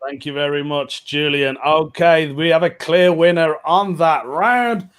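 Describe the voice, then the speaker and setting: A man's voice: on the high side, level tone, moderate pace, clear, resonant tone. A man hosting a casual online pun contest, cheery and giggly as he calls on contestants in turn. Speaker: host. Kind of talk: casual online comedy show.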